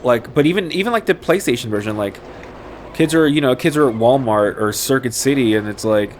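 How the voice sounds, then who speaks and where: A man's voice: medium pitch, animated, a little fast, slight background noise. A young man rambling and joking with profanity while commenting on a game. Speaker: gameplay commentator.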